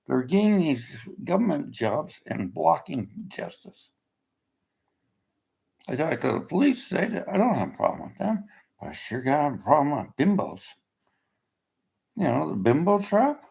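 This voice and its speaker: A man's voice: on the high side, sing-song, measured pace, creaky, long pauses, darkish tone, husky, rough recording. An older man, delivering an agitated, profane personal rant in a blunt way. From Canada.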